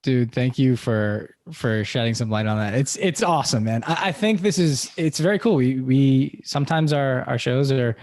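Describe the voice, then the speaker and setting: A man's voice: medium pitch, expressive, moderate pace, hardly any pauses, darkish tone, no echo. Enthusiastic male podcast host. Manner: enthusiastic, slangy. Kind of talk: casual chat.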